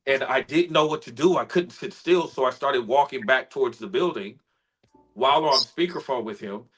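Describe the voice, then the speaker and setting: Earnest and heartfelt, a male spoken word artist shares a personal story as an interview guest, going quiet when emotion takes hold. His husky, mid-range voice moves at normal speed, and the audio is poor.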